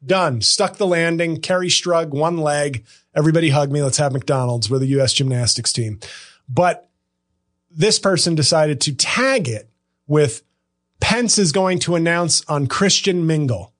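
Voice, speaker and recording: A man's voice: a little high, measured pace. Sarcastic man hosting a comedy podcast. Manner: sarcastic, rambling, bursts into impressions.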